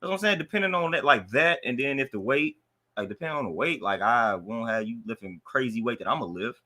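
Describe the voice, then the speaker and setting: A man's voice: medium pitch, expressive, fast, sharp tone. A young man joining his wife's casual live-stream chat, bantering and playfully defensive. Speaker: guest.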